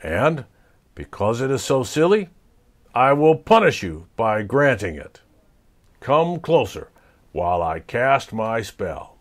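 A man's voice: mid-range voice, big pitch swings, takes it slowly. A man doing a grumpy ancient frog witch. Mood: scornful. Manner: croaking, scolding.

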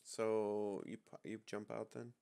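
A man playing a tabletop role-playing game, excitable and quick to exclaim and laugh. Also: on the low side, creaky, clear, resonant tone. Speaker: player. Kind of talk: casual tabletop game chat.

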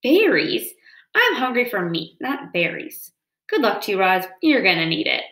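A woman's voice: mid-range voice, big pitch swings, normal speed, bright, forceful tone. A woman reading aloud and voicing a hungry, sly male fox who growls and sneers. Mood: scornful. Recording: roomy echo.

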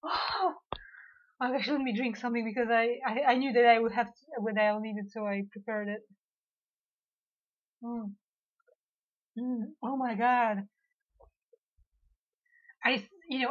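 A woman reacting to a music video in casual commentary, gushing and excitable, often stammering and restarting her sentences, a Polish speaker talking in English. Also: a little high, lo-fi sound.

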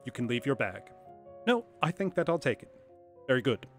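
A man voicing a hearty, blunt male police inspector who speaks loudly and matter-of-factly. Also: medium pitch, very animated, normal speed, faint music behind, lightly acted. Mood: bluff. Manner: loud, bluff, matter-of-fact.

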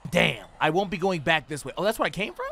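Loud, profane young gaming streamer. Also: male voice, on the high side, fast talker. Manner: loud, profane, excitable reactions with sudden shouts; trash-talking, joking with chat. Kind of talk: livestream gameplay commentary.

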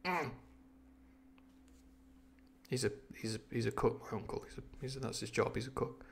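A man's voice: mid-range voice, moderate pace, vocal fry. A man reading a novel aloud on a casual stream, breaking off for chatty asides and stumbling restarts.

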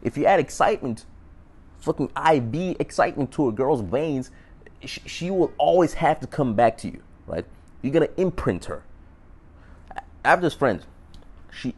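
A young man giving dating advice in a rambling, profane monologue to camera, often checking in with "right?". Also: mid-range voice.

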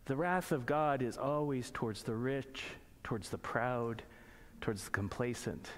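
Male pastor, mid-pitched, sermon in church; slow scripture reading, conversational explaining, rhetorical questions. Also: slight background noise. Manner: reads scripture slowly, then explains in plain conversational asides; asks the congregation pointed rhetorical questions.

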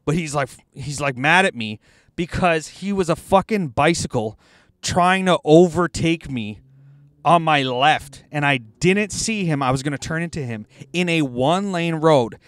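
A man's voice: on the high side, lively intonation, unhurried, a bit bright, no room sound. Man ranting, dry close sound. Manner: profane, ranting storyteller. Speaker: podcast co-host. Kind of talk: casual chat. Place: inside a car.

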